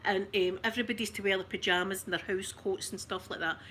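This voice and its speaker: A Scottish woman telling a funny family story on her livestream, chatty and animated, often breaking into laughter. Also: mid-range voice, fast talker, a little hiss or hum. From Scotland. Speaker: ASMR livestream host.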